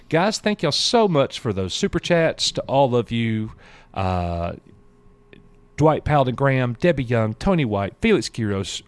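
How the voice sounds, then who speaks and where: A man co-hosts a laid-back live stream, his voice sitting low. He drifts between reading viewer messages and chatting about them in a loose, unhurried way. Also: dry recording. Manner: reads viewer messages aloud, drawling and chatty. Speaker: show co-host. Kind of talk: casual live-stream chat.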